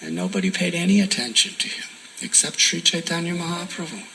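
A man giving a sermon as a devotional story, soft-spoken and often dropping to a near whisper for emphasis. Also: a little high, expressive, brisk, creaky, slight background noise, low-quality recording. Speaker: spiritual teacher.

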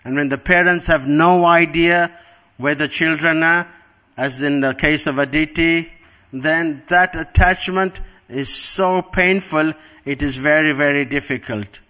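A man's voice: a little high, a little slow, pushed and bright. A middle-aged man giving a devotional class, telling a story in an earnest way and repeating words for emphasis. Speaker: spiritual teacher.

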